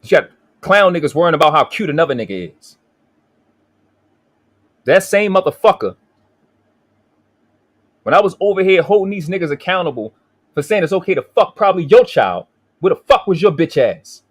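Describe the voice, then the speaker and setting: A man's voice: sits high, sing-song, normal speed, pauses often. A man hosting a live stream, ranting angrily with profanity and frequent restarts. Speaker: livestream host. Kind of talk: heated livestream talk.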